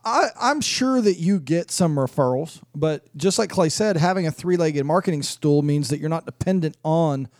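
A man's voice: on the high side, animated, moderate pace, few pauses, a little mellow, no echo. A man who runs a mortgage business, speaking as a guest on a radio talk show in a casual, plainspoken way and laughing easily, on a studio microphone.

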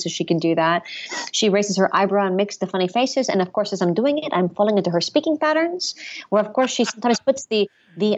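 A woman impressionist being interviewed over the phone, talking in animated, chatty bursts and correcting herself as she goes. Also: medium pitch, highs cut off. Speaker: impressionist guest. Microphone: phone line.

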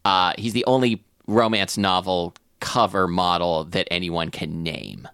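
A man co-hosting a casual podcast, reading a novel aloud with hesitant, crude, deadpan jokes. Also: sits low, a little slow, clear, resonant tone, no echo, clean studio sound. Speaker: podcast co-host.

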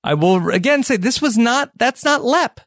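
Animated man recapping a movie. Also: very high-pitched, normal speed, faint music behind. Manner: storytelling, acts out characters' lines. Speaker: podcast co-host.

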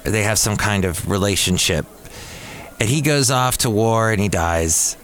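A man's voice: lowish voice, fairly bright tone. A man hosting a podcast in a casual monologue who rambles and corrects himself aloud. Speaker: podcast host.

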